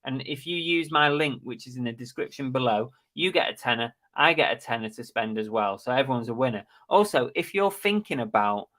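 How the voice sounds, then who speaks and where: A man's voice: medium pitch, animated, fairly quick, hardly any pauses, fairly bright tone. A middle-aged man, hosting a casual live stream chat about reselling and plugging giveaways. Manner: chatty, plugs links and giveaways. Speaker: live show host.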